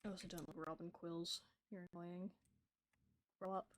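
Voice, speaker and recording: A woman's voice: lowish voice, little pitch movement, moderate pace. A woman streaming a game, chatting casually and talking to the creatures on screen. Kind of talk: casual gameplay chat.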